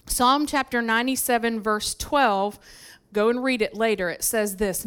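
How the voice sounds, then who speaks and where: Woman preaching in a smooth, higher voice. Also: moderate pace. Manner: conversational, lively storytelling with frequent asides. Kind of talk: sermon. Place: church sanctuary.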